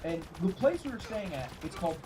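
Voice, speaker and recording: A man streaming a game tells a rambling, profane story in casual chat, his high-pitched voice swinging widely in pitch at a slightly fast pace. Game gunfire and ambience sit under his voice.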